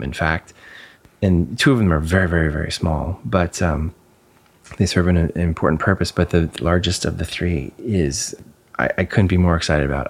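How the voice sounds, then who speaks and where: A man's voice: sits low, gravelly. A man talking as a guest in casual conversation, candid and emphatic, sometimes swearing and repeating words as he finds his phrasing.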